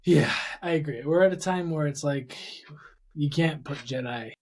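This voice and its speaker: Husky-voiced man in relaxed chat. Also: a little high, moderate pace. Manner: easygoing, reading aloud from a script. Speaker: podcast co-host. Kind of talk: casual chat.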